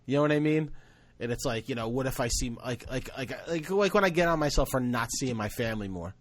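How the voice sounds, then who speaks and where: A man's voice: mid-range voice, expressive, a little fast, dry recording. A man hosting a podcast, telling rambling, self-deprecating family stories in casual chat. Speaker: podcast host.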